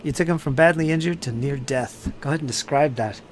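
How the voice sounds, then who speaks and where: A man narrating and running a tabletop game as game master, calm and matter-of-fact. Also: on the high side, fast talker, a little hiss or hum.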